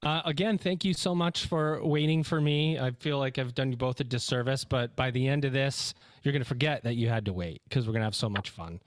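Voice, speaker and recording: A man hosting a podcast interview, energetic and a little out of breath, quick with asides and fillers. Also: medium pitch, no echo. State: slightly out of breath. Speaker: podcast host.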